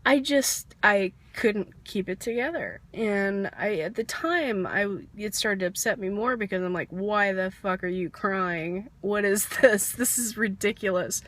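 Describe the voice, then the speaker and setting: This vlogger has a medium-pitched voice, with a faint hiss or hum on the recording. She rambles candidly through a personal story, poking fun at herself with soft laughs. A lingering cold brings the odd cough.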